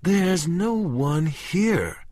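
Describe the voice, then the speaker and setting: A man's voice: on the high side, big pitch swings, slow pace, no echo, clean studio sound, pitched above the performer's own voice. A man voicing a frightened, nagging young wife who pleads in a strained, tearful way.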